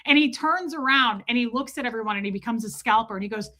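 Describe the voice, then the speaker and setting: A woman's voice: fairly high pitch, fast talker. A woman hosting a casual livestream, reading viewer comments and telling stories with frequent laughter. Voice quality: chatty, laughs often, animated storytelling. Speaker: livestream host.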